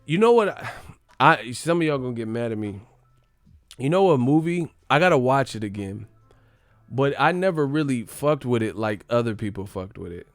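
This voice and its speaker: A man chatting casually on a livestream, animated and profane, laughing often. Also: mid-range voice, normal speed, dry recording.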